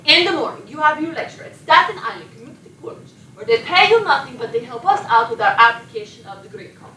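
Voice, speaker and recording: An actress playing a sleepless Polish émigré actress who rambles and confides, with a Polish accent, recorded from a distance in an echoey room with noise behind. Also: female voice, high voice, sing-song, fast talker, bright, forceful tone, full character voice. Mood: weary. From Poland. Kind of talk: film monologue.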